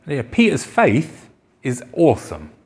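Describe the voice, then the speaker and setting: A male pastor preaching in church in a plain, conversational way. He slips into character for the quoted voices in his stories, then returns to an even, everyday tone. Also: medium pitch, moderate pace, husky. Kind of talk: sermon.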